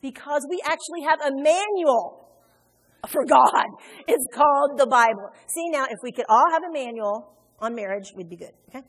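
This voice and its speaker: Lively woman preacher in an echoing hall. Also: sits high, moderate pace. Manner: animated, conversational, joking with the congregation. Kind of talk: sermon. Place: church sanctuary. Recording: long hall reverb.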